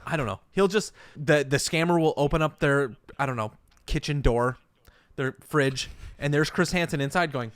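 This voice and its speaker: A man co-hosting a podcast, telling anecdotes with wry, deadpan banter. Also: a little high, moderate pace, no echo. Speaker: podcast co-host. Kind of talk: casual podcast chat.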